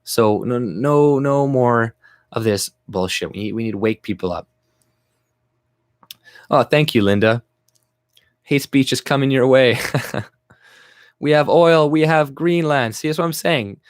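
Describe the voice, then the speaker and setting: A man's voice: mid-range voice, unhurried, pauses often, no echo, studio quality. A man hosting a casual livestream rant, talking bluntly, swearing and laughing often. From Canada. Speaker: livestream host.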